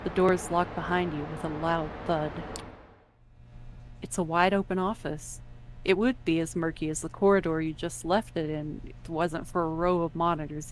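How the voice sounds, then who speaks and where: A woman narrating a story in the second person, measured and descriptive. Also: low-pitched, a little hiss or hum, poor audio.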